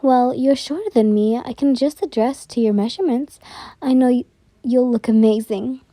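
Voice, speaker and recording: A woman voicing a gentle, refined young heiress in whispered role-play. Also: a little high, moderate pace, no echo, lightly acted. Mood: encouraging. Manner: gentle, polite, reassuring. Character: poised wealthy young heroine, kind and protective.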